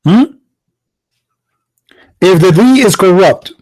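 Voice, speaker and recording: A man's voice: high-pitched, animated, takes it slowly, a little mellow, low-quality recording. A man hosting a religious debate show, mocking and confrontational, firing rhetorical questions in broken English. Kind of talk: combative religious debate monologue.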